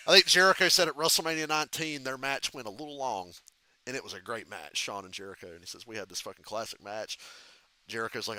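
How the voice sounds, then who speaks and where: A man chatting casually during a live reaction stream, swearing freely while telling animated backstage stories and calling a race. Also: mid-range voice. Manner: profane animated storytelling. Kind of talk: casual chat with friend.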